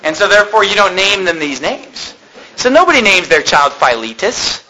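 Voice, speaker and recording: A man preaching a fiery sermon, rising to shouts at his peaks and dropping to a conversational tone for stories. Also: sits high, sing-song, moderate pace, low-quality recording. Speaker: pastor.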